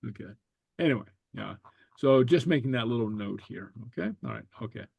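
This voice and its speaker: A man teaching a language class, explaining slowly and stopping often with fillers and repeated okays. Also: medium pitch, animated, vocal fry, darkish tone, husky, no echo. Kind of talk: relaxed online class explanation.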